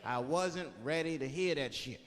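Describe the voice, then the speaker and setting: A man doing stand-up, telling a profane story with animated asides. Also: fairly high pitch, normal speed, in a large hall. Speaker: stand-up comedian. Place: comedy club stage. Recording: live club set with noisy audience. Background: audience laughter and chatter.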